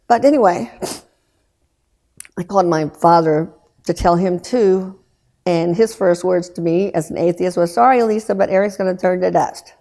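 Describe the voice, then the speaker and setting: A woman in her sixties recounts a painful personal story on an interview show. Her voice sits low and mellow, earnest and subdued. She halts often, restarting phrases and letting them trail off. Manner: halting, with restarts and trailing pauses. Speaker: guest recounting loss.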